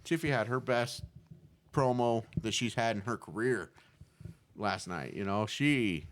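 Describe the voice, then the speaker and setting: A male co-host in casual chat, talking in a relaxed, agreeable way with loose phrasing. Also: medium pitch, unhurried, slight background noise.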